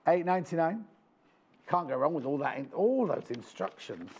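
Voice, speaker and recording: A man's voice: fairly high pitch, big pitch swings, normal speed, darkish tone, breathy edge. A man presenting on a live shopping channel, chatting with enthusiasm and jokes. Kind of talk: live TV sales chat. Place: TV studio.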